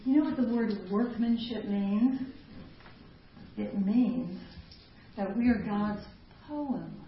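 A woman's voice: medium pitch, slow. A middle-aged woman leading a women's ministry talk, chatty and self-mocking, laughing often between points. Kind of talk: live talk to a women's group. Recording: echoey hall, distant mic, dull lo-fi sound, faint noise.

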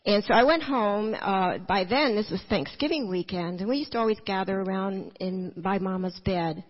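A woman's voice: medium pitch, normal speed. Woman telling her testimony at church, chatty and funny, kinda muffled with a big echoey hall. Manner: lively storytelling, acting out dialogue with humor. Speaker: speaker giving a testimony. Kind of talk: personal testimony to a church audience.

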